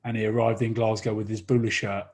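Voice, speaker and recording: An Englishman in his thirties, a rugby player, telling a long funny anecdote in casual chat, animated and quick to laugh. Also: lowish voice, husky.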